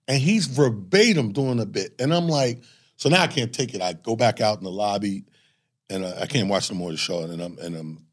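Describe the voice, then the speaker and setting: A man's voice: lowish voice, lively intonation, a little fast. A middle-aged man, a stand-up comedian, tells a story with lots of swearing and laughter and acts out what people said. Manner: profane, laughing, acts out dialogue. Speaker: comedian guest. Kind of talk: animated storytelling with acted-out quotes.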